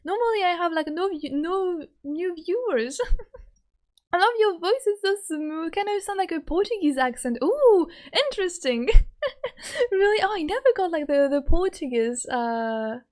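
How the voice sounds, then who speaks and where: A woman's voice: very high-pitched, animated, unhurried, a little mellow. A young woman from France with a French accent, chatting casually and giggling often with her live-stream viewers.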